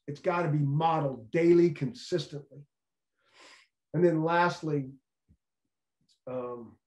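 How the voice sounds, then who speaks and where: A man's voice: a little high, a little mellow. A middle-aged man, a former football coach, giving an earnest motivational leadership talk and repeating key phrases for emphasis. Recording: echoey room.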